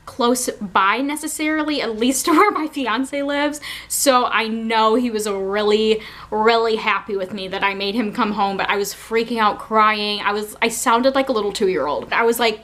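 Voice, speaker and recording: A woman's voice: on the high side, fairly bright tone. A young woman vlogger telling a casual storytime, chatty and giggly, with a lot of "like" fillers.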